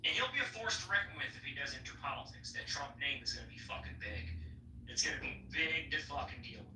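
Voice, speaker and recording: A man's voice: medium pitch, big pitch swings, quick pace, bright, forceful tone. A young man hosting a casual political chat podcast, blunt and swearing freely. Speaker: podcast host. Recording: echoey room, voice from far off, faint noise.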